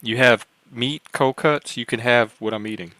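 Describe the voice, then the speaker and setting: An American man hosting a casual live-stream chat on a video call, calmly reporting and chatting. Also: mid-range voice, moderate pace, dry recording. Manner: calm, plainly reports results.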